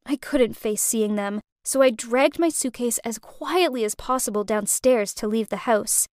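A woman's voice: on the high side, a little slow, a little mellow, dry recording, clean studio sound. A woman narrating a dramatic first-person story with an emotional delivery.

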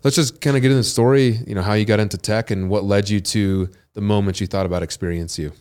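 A man's voice: on the low side, fairly even intonation, fast, a little mellow, clean tone. A man hosting a podcast, interviewing a guest and answering with short encouraging reactions. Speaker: podcast host.

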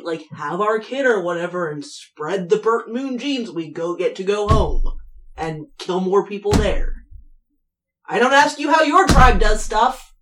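Eager player in a tabletop game. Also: mid-range voice. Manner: eager, playful.

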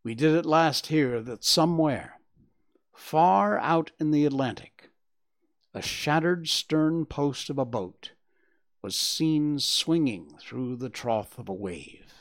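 A man narrating a classic detective story as an audiobook, measured and sombre, dropping low at the ends of phrases. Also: lively intonation.

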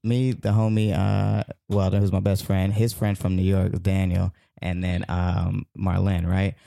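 A man telling a long, rambling story as a podcast guest, animated and full of fillers. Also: sits low, measured pace, gravelly, no room sound, clean studio sound. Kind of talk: casual storytelling.

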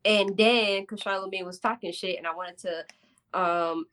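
A woman's voice: lowish voice, flat delivery, moderate pace, a bit bright, a little hiss or hum. A woman co-hosting a podcast in casual chat, emphatic and repeating phrases for effect. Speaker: podcast co-host.

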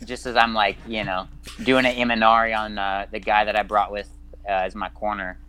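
A man from Washington state, a guest fighter on a podcast, talking modestly and haltingly over a remote call. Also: on the low side, little pitch movement, sharp tone, slight background noise, poor audio. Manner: halting, lots of uh and you know, modest. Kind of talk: casual podcast interview. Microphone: remote call, audio cutting out.

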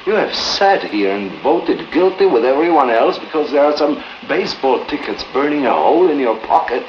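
A man plays an earnest juror in an old film drama who rebukes another man with lively rises and falls in his voice. The soundtrack is dull, with a clear noisy hiss. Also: on the high side, natural voice. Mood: reproachful. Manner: reproachful, measured and earnest. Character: stern, principled male juror. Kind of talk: 1950s film drama acting.

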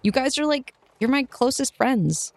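A woman's voice: high voice, expressive, normal speed, no room sound. A woman playing Snow, anxious guild leader. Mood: worried. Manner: worried, hesitant, self-doubting. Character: anxious female guild leader, unsure of herself.

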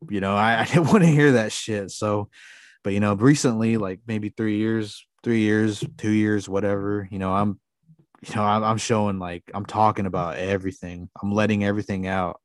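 A man's voice: fairly low pitch, steady tone, normal speed, no echo, clean studio sound. A man co-hosting a podcast, talking earnestly and rambling with lots of fillers in casual chat. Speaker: podcast co-host.

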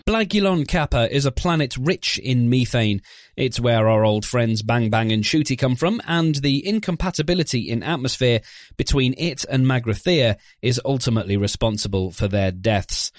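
A man's voice: mid-range voice, moderate pace, dry recording. A man hosting a podcast, reading a sponsor spot and chatting with dry, wry asides. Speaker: podcast host. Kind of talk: ad read and casual chat.

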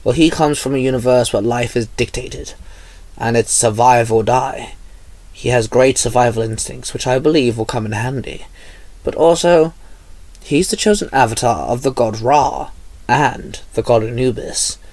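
A man voicing a seasoned male ranger who calmly explains a plan to an ally in a storybook reading. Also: medium pitch, moderate pace, no room sound, natural voice. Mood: explaining.

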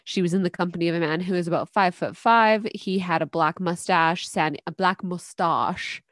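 A woman with a fairly low voice reads true-crime notes in a casual podcast chat. She trips over words now and then and breaks into laughter. Her voice sits close and dry, with no room sound. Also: moderate pace, a bit bright, no echo. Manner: reads aloud, stumbles on words, laughs and jokes. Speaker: podcast co-host.

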